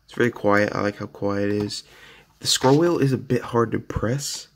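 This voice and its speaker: Low gravelly casual man reviewing gear. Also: normal speed, slight background noise. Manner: rambling, filler-heavy, lots of "so yeah". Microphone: phone camera.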